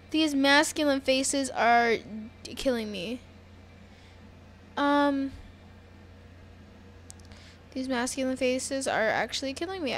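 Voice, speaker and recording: A young woman chatting excitedly to her viewers while playing a dress-up game, with faint background noise. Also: high-pitched. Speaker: gaming youtuber. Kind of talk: casual gameplay commentary.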